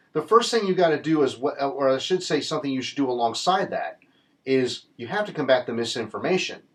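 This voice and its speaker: A man giving a casual political commentary monologue, earnest and rambling, with many restarts. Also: medium pitch.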